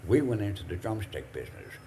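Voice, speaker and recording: Elderly man in his eighties, very low voice, rambling anecdotes, faint background hiss. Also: sing-song, mellow. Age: 80s. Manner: rambling, halting, chuckling storyteller. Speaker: guest, drumstick maker. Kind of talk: anecdotal storytelling.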